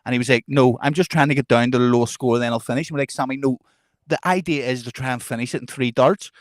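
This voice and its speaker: Animated storytelling man, laughing, swearing. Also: medium pitch, fast, dry recording, clean studio sound. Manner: animated, laughs through stories, swears freely. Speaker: podcast co-host. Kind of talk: casual storytelling chat.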